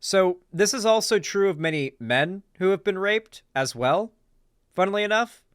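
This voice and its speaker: A young man streaming his reactions, talking off the cuff and circling back through likes and ums. His voice is smooth and clear, recorded dry and close with no room sound at all. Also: sits high, lively intonation, moderate pace, no room sound. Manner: rambling, many fillers and restarts. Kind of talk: casual live commentary.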